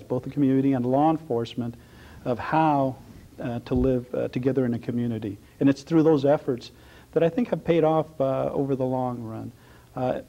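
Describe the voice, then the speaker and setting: Measured sheriff with a slight Texas accent. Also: male voice, mid-range voice, mellow, dull audio. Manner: halting, many uh fillers, measured. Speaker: county sheriff, guest. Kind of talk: interview answers.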